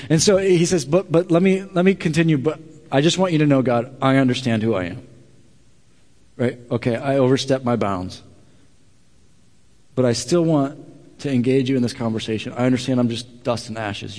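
A man preaching a sermon, telling a scripture story with lively acted-out dialogue and quieter earnest asides. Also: medium pitch, moderate pace, pauses often. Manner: animated storytelling, acts out dialogue loudly then drops to quiet earnest asides. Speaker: pastor. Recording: long reverb of a large hall.

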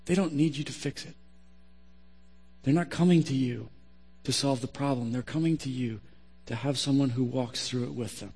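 Blunt pastor in a reverberant hall. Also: male voice, mid-range voice, normal speed, long pauses, a little mellow, husky, soft background music. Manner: blunt, direct, emphatic. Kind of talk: sermon.

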